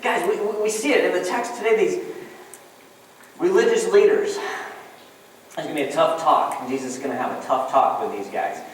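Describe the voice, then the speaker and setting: A man's voice: fairly high pitch, normal speed, long pauses. A man giving a sermon as pastor, casual and chatty, telling a joke story and talking to the congregation as "guys.". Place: church sanctuary. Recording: echoey church hall from far off, faint room noise.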